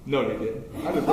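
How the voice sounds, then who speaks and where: A man's voice: sits high, heavy background noise. A man performing a historical figure in first person, telling his life story in a folksy way and quizzing the audience. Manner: folksy, asks the audience questions. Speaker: historical reenactor. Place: library event room. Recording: very echoey room, faint ambience.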